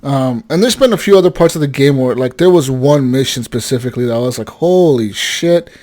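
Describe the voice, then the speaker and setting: A young man co-hosting a gaming podcast, telling a story with animated energy, swearing and acting out the characters' lines. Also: mid-range voice, fast talker. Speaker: podcast co-host. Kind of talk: casual gaming chat.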